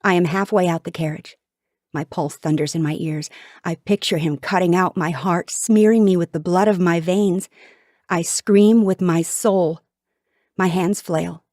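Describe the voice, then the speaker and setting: A woman reads an audiobook in the first person, with intense, dramatic delivery. Her voice is on the lower side, recorded close and dry on a studio mic. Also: steady tone, moderate pace, a little mellow, no echo. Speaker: audiobook narrator.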